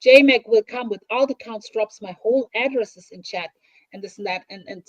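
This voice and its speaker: A high-voiced woman from Germany talks bluntly on a stream, swearing and stopping to restart her thoughts. The audio is dull and lo-fi, dry and close. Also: moderate pace, no room sound. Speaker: commentary streamer. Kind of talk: casual drama commentary chat.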